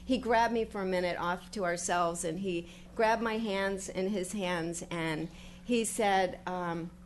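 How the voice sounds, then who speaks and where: A woman's voice: fairly low pitch, slight background noise. Older woman giving a heartfelt acceptance speech. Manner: heartfelt, halting, grateful, with fillers and restarts. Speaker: newly elected official giving acceptance speech. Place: public meeting hall with audience.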